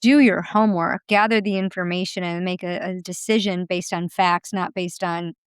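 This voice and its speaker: Smooth low-voiced woman podcast host. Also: no room sound. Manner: animated, emphatic, quick asides and quoted self-talk. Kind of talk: casual podcast conversation.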